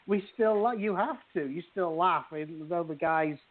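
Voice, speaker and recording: A man talks and reads aloud over a thin, phone-like line. His voice sits fairly high for a man, and he rambles with many restarts before settling into the reading. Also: moderate pace. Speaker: author guest. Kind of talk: casual podcast chat and book reading. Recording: tinny phone-like call audio.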